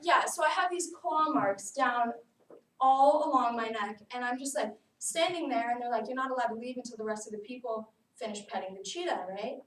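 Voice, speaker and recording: A young woman tells a personal story in a speech, her voice high and animated, full of casual "like"s. She sounds a little distant from the mic in an echoey room, with a faint hiss behind her. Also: a little fast. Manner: lively storytelling, often saying "like". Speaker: student speaker. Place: classroom.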